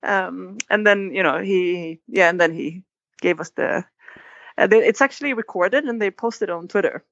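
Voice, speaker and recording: A woman's voice: lowish voice, normal speed, fairly bright tone, dry recording. A woman guest in an interview, telling a story with animation and acting out quoted lines. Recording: dull, dry sound.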